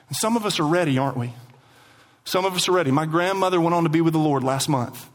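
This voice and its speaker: A man preaching a sermon as pastor, animated, repeating lines for emphasis and slowing down to stress his points. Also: a little high. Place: church sanctuary.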